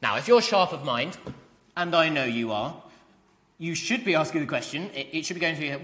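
Animated male preacher in a reverberant hall. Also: a little high, brisk. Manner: animated, emphatic, asks the congregation questions. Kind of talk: sermon.

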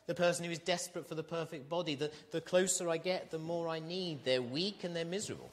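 A man's voice: a little high, fast, few pauses, a bit bright. A man preaching a sermon, talking conversationally and asking his listeners questions. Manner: conversational, asks the congregation questions.

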